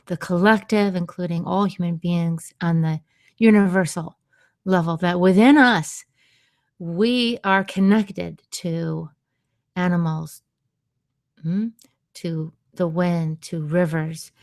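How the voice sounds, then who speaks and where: A woman hosting a radio show on sound healing, talking gently and unhurriedly, with soft laughs and quiet asides. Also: lowish voice, steady tone, slow pace, no room sound, clean studio sound. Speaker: radio show host and vocal sound healer. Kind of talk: slow, soothing radio talk.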